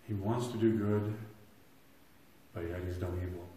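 A man in his thirties with a fairly low voice preaches a sermon in a church sanctuary, and the room rings with heavy echo. He is earnest, rising to loud emphasis and then dropping to a soft hush. He often doubles a word as he restarts a thought. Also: fairly even intonation, moderate pace. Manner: earnest, swings between loud emphasis and soft hushed lines; repeats words when restarting. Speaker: pastor.

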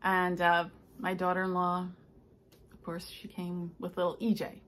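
An older woman, a stitching vlogger, chatting casually and telling rambling stories with soft asides. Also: fairly low pitch, monotone, a little slow, slight background noise. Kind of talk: casual chat.

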